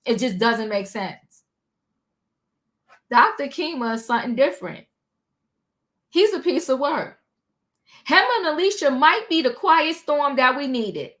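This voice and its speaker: A woman hosting a livestream, recapping a reality show in sassy, animated casual chat. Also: high voice, measured pace, long pauses. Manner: animated, sassy, talks back to the people she recaps.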